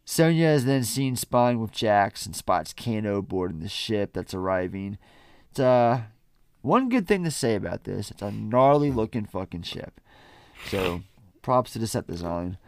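A man's voice: lowish voice, big pitch swings, measured pace, no echo. A man hosting a podcast, casually recapping a film from his notes with a wry, profane manner. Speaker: podcast host.

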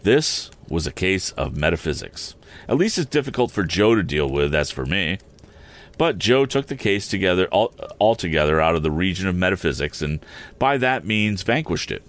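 A man narrates a classic novel aloud in a very low voice that still moves a lot in pitch. He reads expressively and stops now and then to correct a slip. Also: moderate pace. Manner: expressive, with occasional self-corrections. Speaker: audiobook reader.

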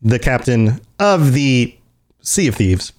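A man's voice: medium pitch, sing-song, slow pace, darkish tone. Rambling male podcast host. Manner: rambling, thinking aloud with restarts. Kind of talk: casual podcast discussion.

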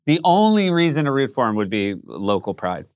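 A man chatting casually as a podcast guest, joking and animated. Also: mid-range voice, a little fast, smooth, dry recording, clean studio sound. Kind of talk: casual chat.

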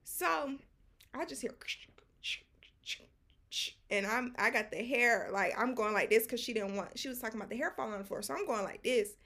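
A woman co-hosting a casual chat podcast, telling stories in an animated way with quoted dialogue, slang fillers and asides to listeners. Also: a little high, fast, hardly any pauses. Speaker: podcast co-host.

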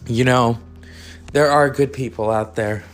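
A man's voice: medium pitch, steady tone, measured pace, faint music behind. A man from California hosting his own podcast, rambling through stories with profane, chatty asides. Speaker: podcast host. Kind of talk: casual monologue.

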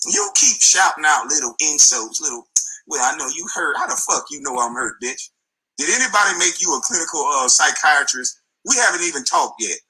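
Profane ranting man, bright tense voice. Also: a little high, low-quality recording. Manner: profane, taunting, repeating insults. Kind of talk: angry rant video. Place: front seat of his car.

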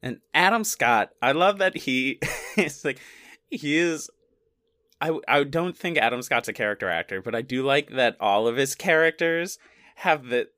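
A young man co-hosting a podcast, casually recapping a movie, relaxed, laughing and quoting scenes. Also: mid-range voice, unhurried, no room sound, clean studio sound. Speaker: podcast co-host.

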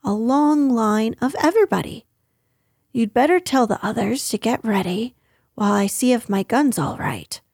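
A woman's voice: a little high, lively intonation, normal speed, darkish tone, husky, no echo, clean studio sound. A woman voicing a cheerful, slightly bossy young boy leading his friends. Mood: confident.

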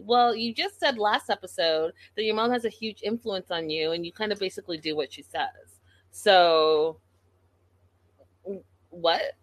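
A woman's voice: medium pitch, measured pace, no echo. A woman giving a casual commentary recap of a reality show in an exasperated, incredulous way, talking straight to the people on the show.

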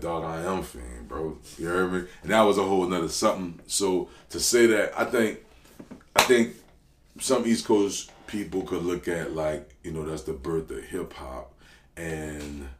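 At normal speed, this podcast guest, a rapper from New Orleans with a very deep voice, tells stories in a casual interview. He's slangy and animated with loud bursts, and the room echo is noticeable.

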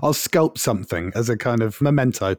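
A man's voice: medium pitch, expressive, brisk, a little mellow, no room sound, clean studio sound. A man co-hosting a podcast, chatting playfully and mocking himself. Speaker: podcast co-host. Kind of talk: casual chat.

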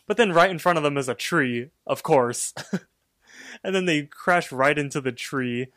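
A man's voice: on the high side, normal speed, a bit bright, no room sound, studio quality. A man co-hosting a podcast, casually retelling a cartoon episode in a rambling way, full of fillers. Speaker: podcast co-host.

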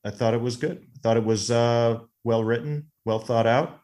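A man's voice: mid-range voice, steady tone, normal speed, darkish tone. A man co-hosting a movie podcast, casually recapping a film's plot at length. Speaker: podcast co-host.

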